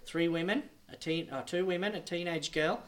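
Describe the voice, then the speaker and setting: A high-pitched male missionary preacher delivering a sermon. He tells his story dramatically, rising to loud, pressing emphasis and then dropping to near-hushed tones. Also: moderate pace.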